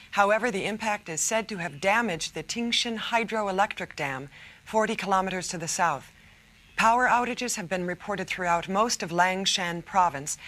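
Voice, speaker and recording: An actress playing a female TV news co-anchor with crisp, measured newsreading. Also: medium pitch, fairly bright tone, close to an everyday voice. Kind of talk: scripted TV news reading.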